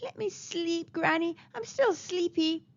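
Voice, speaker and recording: A woman doing a squeaky excitable little boy. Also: a little slow. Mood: sleepy. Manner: high, squealing and pleading. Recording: slightly dull lo-fi recording.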